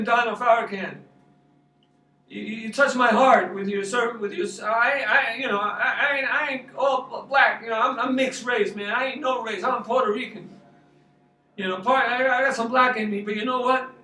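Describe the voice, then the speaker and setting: A man's voice: extremely high pitch, bright, forceful tone, roomy sound, distant mic, low-quality recording. A man from Long Island, a pastor rambling through a personal testimony and repeating his words. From Long Island, New York. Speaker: street pastor. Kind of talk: storytelling testimony.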